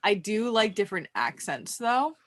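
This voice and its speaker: Lively Philadelphia-area woman. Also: medium pitch, normal speed. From US Northeast. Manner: self-deprecating, giggly storytelling. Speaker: tabletop player. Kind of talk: casual chat.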